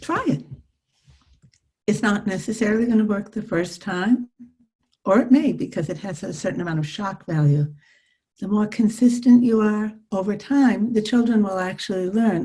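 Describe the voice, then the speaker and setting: An older woman psychologist teaching a live online workshop over a video call, with a calm, soothing coaching manner. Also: medium pitch, normal speed.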